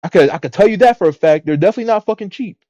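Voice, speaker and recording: A man with a high, lively voice complaining bluntly and swearing through casual video commentary. The sound is dry and close, with no room echo. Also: very fast.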